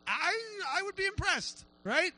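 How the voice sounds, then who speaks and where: A middle-aged male pastor preaching a sermon, telling a story with lively acted-out quotes. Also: extremely high pitch, unhurried, low-quality recording. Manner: animated storytelling, acts out quotes.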